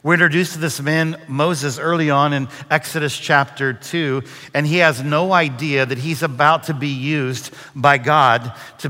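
A man preaching a sermon as a guest speaker, telling a folksy joke in a relaxed, conversational way before turning to a Bible story. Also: a little high. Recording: long hall reverb.

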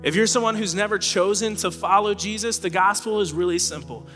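A man preaching a sermon as pastor, earnest, letting his voice fall low and soft at the ends of phrases. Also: brisk. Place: church auditorium stage. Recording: reverberant hall with faint music.

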